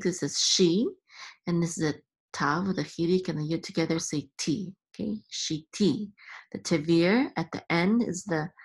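Slow, patient woman teaching reading. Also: on the low side, husky. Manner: patient, repeats each sound, chants accent marks. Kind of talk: slow step-by-step lesson.

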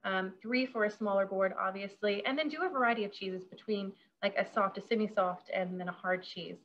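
A woman's voice: medium pitch, brisk, a bit bright, lo-fi sound, slight background noise. A woman caterer leading a casual hands-on workshop over a video call, bubbly and chatty, giggling often.

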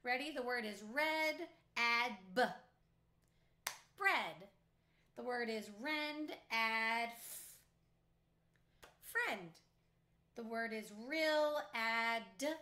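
A woman teacher leading a phonics lesson for young children, clearly sounding out words letter by letter. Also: on the high side, lively intonation, drawn-out words, long pauses, pushed and bright. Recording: echoey room.

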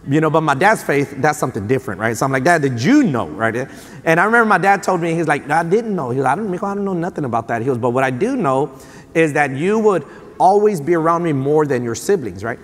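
Animated storytelling pastor in echoing sanctuary. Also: male voice, a little high, fast. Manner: storytelling, animated, many restarts and fillers. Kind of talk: sermon. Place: church sanctuary. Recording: long reverb of a church sanctuary.

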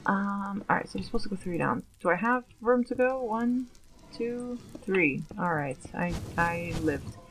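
A woman's voice: mid-range voice, expressive, a little slow, faint music behind, rough recording. A woman giving casual gameplay commentary, chatty and nervous, often questioning herself aloud. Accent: Long Island put-on at times. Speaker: let's play gamer.

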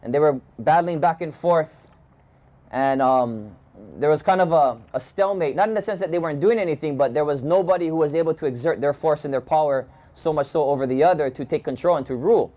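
Higher-voiced man telling a story. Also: mellow. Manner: measured, thoughtful storytelling with restarts. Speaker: community leader. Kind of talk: storytelling talk. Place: home gathering, indoors.

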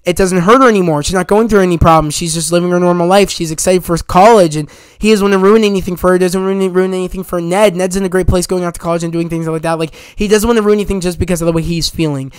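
A man's voice: sits high, fairly even intonation, fast talker, smooth, dry recording, clean studio sound. A man giving a casual spoiler review of a film, eagerly retelling scenes and quoting dialogue as he rambles on.

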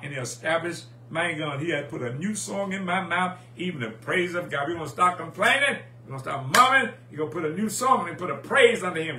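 A man's voice: a little high, lively intonation, a little fast, few pauses, sharp tone. A man preaching a sermon in a rhythmic, repeating call-and-response style, recorded in an echoey church with a faint hum. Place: church sanctuary.

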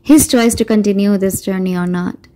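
Mellow-voiced woman reading a storybook. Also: mid-range voice, low-quality recording. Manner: measured storytelling, doing character voices. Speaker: audiobook narrator. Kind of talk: scripted narration.

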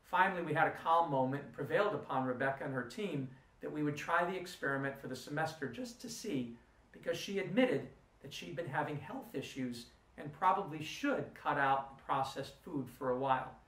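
A man's voice: on the high side, expressive, moderate pace, a bit bright. Earnest male lecturer in an echoey room. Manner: earnest, argumentative, rhetorical questions. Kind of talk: recorded lecture with personal storytelling. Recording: roomy room, distant mic.

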